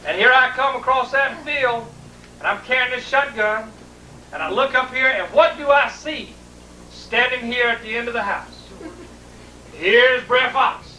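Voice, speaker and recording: A man's voice: very high voice, measured pace, sharp tone. A middle-aged man, telling a family story in a colorful, folksy way and laughing as he goes. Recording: roomy, distant home video with faint noise.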